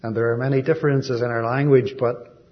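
An Irish man giving a sermon as a visiting preacher, gentle and folksy, with frequent ums and asides. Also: mid-range voice, steady tone, a little fast, muffled recording, a little hiss or hum. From Ireland.

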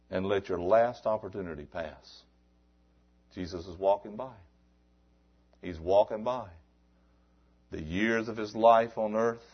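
Fiery low-voiced male preacher, lo-fi. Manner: swings from low murmurs to loud shouted exhortation; repetitive rhetorical questions. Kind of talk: sermon. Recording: dull lo-fi sermon recording.

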